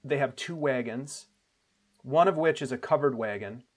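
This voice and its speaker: Man narrating a tabletop game as game master. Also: mid-range voice. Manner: descriptive, unhurried scene-setting with small restarts.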